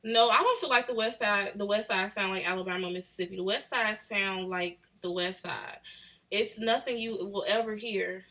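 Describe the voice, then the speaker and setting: A woman's voice: mid-range voice, moderate pace, pushed and bright. A woman in her late twenties with a Chicago accent, chatting casually with viewers on a livestream and answering their comments. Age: late 20s. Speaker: livestream host. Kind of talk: casual live chat with viewers.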